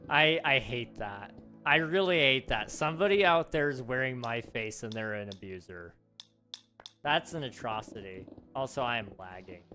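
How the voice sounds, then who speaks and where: A young man chatting casually with viewers during a live game stream, talking through pauses with fillers. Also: mid-range voice, expressive, bright, forceful tone. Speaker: livestreamer. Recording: faint background music.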